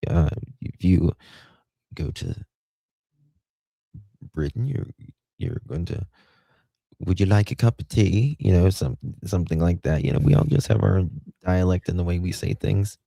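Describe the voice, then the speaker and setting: A man's voice: deep voice, normal speed, creaky, pauses often, dark tone, dry recording. A man co-hosting a casual chat, opinionated and rambling, often restarting his sentences.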